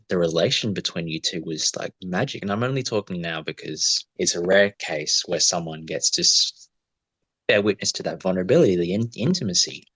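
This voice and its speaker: A man's voice: low-pitched, a bit bright, husky, no room sound, poor audio. A man co-hosting a podcast, telling rambling, reflective travel stories in casual chat with some swearing. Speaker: podcast co-host.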